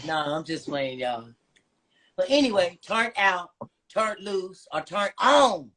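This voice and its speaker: A woman on a podcast, telling stories in a brash, profane, animated way as a guest. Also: on the low side, slow, a little hiss or hum. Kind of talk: casual storytelling chat.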